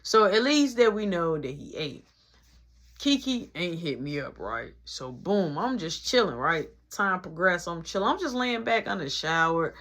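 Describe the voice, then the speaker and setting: A woman telling a story in a casual storytime vlog, in a slangy, animated manner. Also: fairly low pitch, normal speed.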